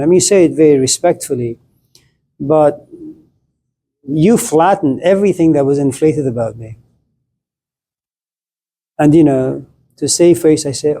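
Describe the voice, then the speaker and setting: A man's voice: a little high, a little slow, pauses often, dark tone. A middle-aged man lecturing to a class, playful and acting out little scenes as he talks.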